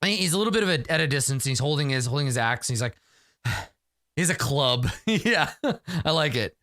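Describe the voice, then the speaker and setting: A man's voice: mid-range voice, quick pace, a bit bright, dry recording, clean studio sound. A man playing a solo tabletop game aloud, rambling and self-amused as he narrates.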